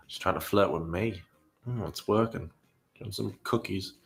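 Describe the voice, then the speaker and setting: A man's voice: lowish voice, measured pace, vocal fry, fairly bright tone. A man casually reacting to video clips and reading out comments, rambling and self-deprecating with frequent sighs.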